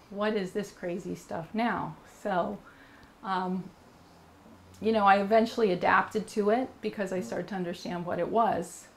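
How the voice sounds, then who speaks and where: A woman with a voice of middle pitch tells a personal story to an interviewer. She speaks earnestly and rambles, with many fillers and restarts. She grows animated whenever she quotes her own words. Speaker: interview guest.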